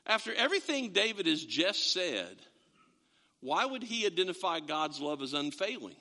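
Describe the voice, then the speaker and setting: A man's voice: sits high, big pitch swings, moderate pace, bright, forceful tone, in a large hall. A man preaching a sermon, telling a story and stressing the quoted verses with rising emphasis.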